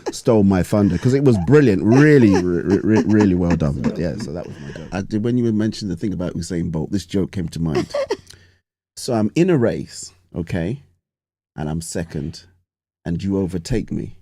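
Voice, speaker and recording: A jokey male co-host in a casual chat, his lowish voice rising and falling animatedly. His tone is dark and mellow, recorded dry and close. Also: expressive, moderate pace, breathy edge, no echo.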